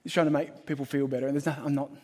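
A man preaching a sermon as pastor, emphatic and shifting between loud and hushed. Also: a little high, flat delivery, rapid-fire. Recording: long hall reverb.

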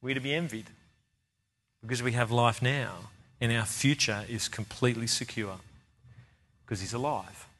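A man's voice: medium pitch, normal speed, long pauses, a bit bright. Earnest man preaching a sermon. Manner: earnest, emphatic, repeats key phrases for stress.

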